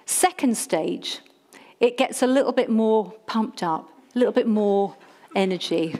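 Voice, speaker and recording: A middle-aged woman church leader preaching a sermon, animated and humorous, calling on the congregation to repeat key words. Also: medium pitch, measured pace.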